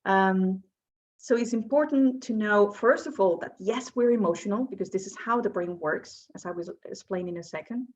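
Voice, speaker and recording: A woman's voice: medium pitch, normal speed, a little mellow, lo-fi sound. Woman coach leading a workshop. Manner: asks the audience questions, explanatory. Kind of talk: presenting a workshop talk.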